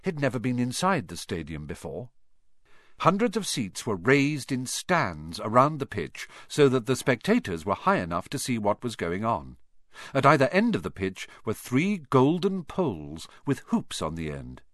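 An audiobook narrator with a medium-pitched voice reads a children's fantasy novel expressively, in a storytelling style, at normal speed. The sound is clean studio audio with no room sound.

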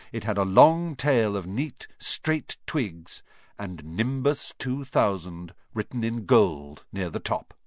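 Guy reading a kids fantasy audiobook, lively up and down, dry close mic. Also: medium pitch, no room sound. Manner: expressive, storytelling. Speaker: audiobook narrator. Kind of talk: scripted narration of a children's novel.

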